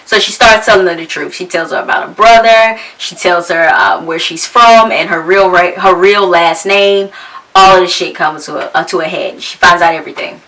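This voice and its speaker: Bright, slangy woman recapping a series. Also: fairly low pitch, moderate pace, distant mic, low-quality recording. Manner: slangy and frank, swears freely, acts out characters' lines. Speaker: podcast host.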